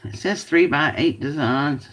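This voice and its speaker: A woman with a low voice takes her time as she hosts a casual craft video. She chats to viewers, mutters to herself as she works, and grumbles now and then.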